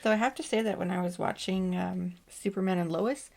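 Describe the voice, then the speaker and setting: A woman's voice: fairly low pitch, fairly quick, creaky, a little mellow. A woman co-hosting a casual podcast, reacting briefly and wryly to the news. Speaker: podcast co-host. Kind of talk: casual chat.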